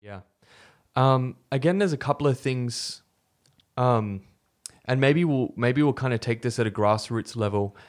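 A man co-hosting a faith podcast, retelling a story from scripture in a relaxed, conversational way with fillers and restarts. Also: mid-range voice, unhurried. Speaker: podcast co-host.

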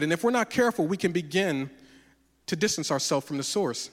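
A man preaching a sermon as a pastor, telling personal stories in an animated way and acting out the dialogue. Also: fairly high pitch, a little fast, in a large hall.

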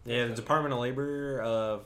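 A man guesting on a casual podcast, dropping dry, deadpan remarks. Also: medium pitch, brisk.

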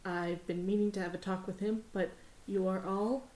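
A woman's voice: mid-range voice, fairly even intonation, normal speed, darkish tone, roomy sound. Frazzled swearing woman game master. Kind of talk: tabletop role-play narration and character voice.

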